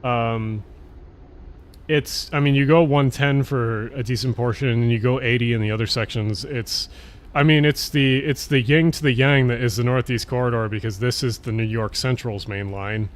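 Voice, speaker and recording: A man's voice: mid-range voice, steady tone, moderate pace. A man with a Jersey and Philly area accent chatting casually on a late-night livestream, rambling, swearing and running his words together. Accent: New Jersey/Philadelphia. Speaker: streamer.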